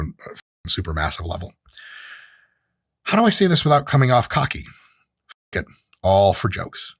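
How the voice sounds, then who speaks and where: A man's voice: low voice, a bit bright, husky. A man who is a sport science professor, commenting brashly and with profanity in a video review.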